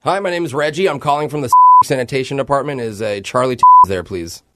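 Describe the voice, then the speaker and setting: A man on a radio show making a prank phone call, politely deadpan as a fake city clerk. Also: mid-range voice, fast, very noisy. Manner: mock-polite, deadpan, breaks into laughter.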